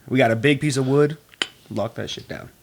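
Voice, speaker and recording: A man co-hosting a casual podcast, teasing and quick with jokes. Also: mid-range voice, creaky. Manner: teasing, quick, laughs often. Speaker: podcast co-host. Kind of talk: casual chat.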